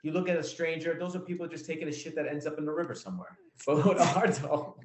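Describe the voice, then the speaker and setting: A man's voice: fairly high pitch, fast talker, crowd noise. A man co-hosting a podcast in casual chat, joking, blunt and crude. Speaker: podcast co-host. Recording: echoey room.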